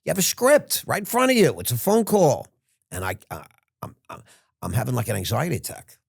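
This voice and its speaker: Gravelly, husky older man telling stories. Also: medium pitch, wildly swooping pitch, no echo, clean studio sound. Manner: rambling, halting restarts. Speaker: podcast guest. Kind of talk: casual storytelling.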